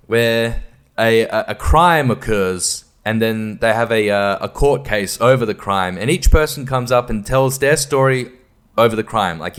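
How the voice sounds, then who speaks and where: A man's voice: mid-range voice, clean tone. Profane ranting male podcaster. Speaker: podcast host. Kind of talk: casual ranting monologue.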